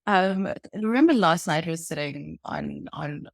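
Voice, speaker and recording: Brief: woman co-host, easygoing chat, guides topics, lowish voice, dry recording. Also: lively intonation, measured pace, gravelly, no room sound. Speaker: podcast co-host. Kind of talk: casual chat.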